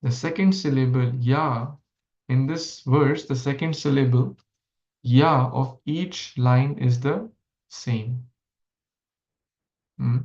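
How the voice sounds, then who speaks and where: A man leading a scripture class, explaining a verse slowly and asking listeners questions. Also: medium pitch, fairly even intonation, darkish tone. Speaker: Bhagavatam class speaker. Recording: echoey room, dull lo-fi sound.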